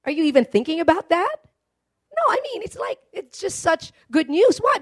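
Woman preacher, high voice, emphatic sermon, asks the crowd for amens. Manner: emphatic, calls for congregation responses.

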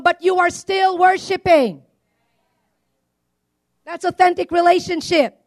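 A married woman preaching a sermon to a congregation, calling for amens, swinging between loud declarations and quiet asides. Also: extremely high pitch, fairly even intonation, measured pace. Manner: call-and-response preaching, asking for amens.

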